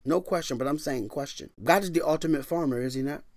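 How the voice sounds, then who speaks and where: A middle-aged male pastor preaching a sermon, swinging from hushed whispers to loud, emphatic lines and repeating phrases for emphasis while quoting scripture in old-fashioned wording. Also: fairly high pitch, fast talker, no room sound, studio quality.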